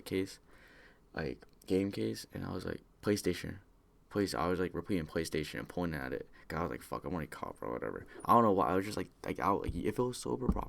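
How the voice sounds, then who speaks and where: A young man with a low voice and vocal fry, a vlogger, rambles through a personal story in casual slang. His telling is full of fillers and restarts.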